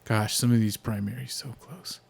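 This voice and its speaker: A man's voice: fairly low pitch, moderate pace, gravelly, breathy edge. A young man from the United States co-hosts a casual podcast. He rambles through politics and movies, with plenty of "like" and "uh" and thoughts that start over partway through. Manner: rambling, frequent fillers and restarts. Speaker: podcast co-host.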